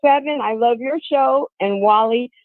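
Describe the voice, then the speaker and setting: A woman's voice: a little high, a little slow, no echo. A woman calling in to give her opinion, earnest and outspoken, asking the host directly. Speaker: caller. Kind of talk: call-in opinion. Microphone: phone. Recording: tinny phone line.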